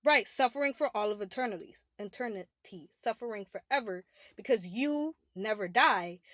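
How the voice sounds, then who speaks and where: A young adult woman, a spiritual vlogger, gives a candid, emotional confessional monologue in a medium-pitched, a bit bright, expressive voice at a moderate pace. She rambles, restarts often, and leans heavily on "like," with no echo in the recording.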